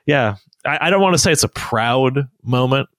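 A man in his thirties chats casually on a podcast, telling stories with lively energy and frequent laughs. His voice sits mid-range in pitch. The sound is dry and close, with no room around it. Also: normal speed, no echo. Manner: animated storyteller, laughs often. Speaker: podcast co-host. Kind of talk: casual chat.

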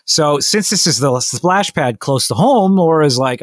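A man casually telling a long story on a podcast, animated and full of restarts, acting out what people said. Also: a little high, measured pace, no room sound, clean studio sound. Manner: rambling, animated retelling with many restarts and quoted voices. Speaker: podcast co-host.

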